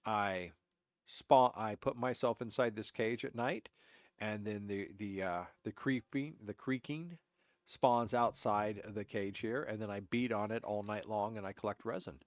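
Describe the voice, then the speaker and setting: A man's voice: lowish voice, a little slow, no room sound, studio quality. A man streaming a game, congested and stuffy-voiced from allergies, giving a rambling, self-correcting walkthrough of his builds. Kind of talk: casual gameplay commentary.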